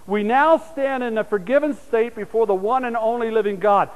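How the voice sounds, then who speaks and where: A man preaching a sermon and telling stories, his voice swinging from loud, urgent calls to hushed, soft asides. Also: very high voice, normal speed, big-room sound, rough recording.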